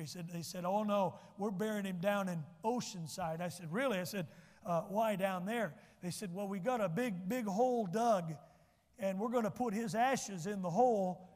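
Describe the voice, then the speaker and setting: A man's voice: high voice, a little mellow, in a large hall. A man preaching a sermon as pastor, telling personal stories and building to emphatic lines. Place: church sanctuary.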